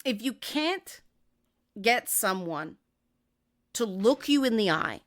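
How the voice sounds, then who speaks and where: A woman's voice: big pitch swings, slow pace. A woman hosting a talk show, giving direct, conversational advice and often tagging her points with a questioning "right?". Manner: acts out quoted voices with raised pitch. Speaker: podcast host.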